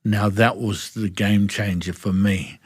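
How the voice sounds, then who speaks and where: A man's voice: on the low side, measured pace, breathy edge, dry recording, studio quality. A middle-aged man with a New Zealand accent, a guest speaking frankly in an interview and acting out the dialogue of his stories. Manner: animated storyteller acting out dialogue. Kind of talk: candid interview storytelling.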